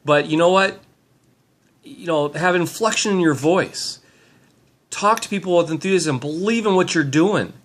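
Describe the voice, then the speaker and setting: A man's voice: fairly high pitch, moderate pace. A middle-aged man filming himself on a handheld camera, giving an upbeat, rambling motivational talk with many fillers. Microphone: handheld camera mic.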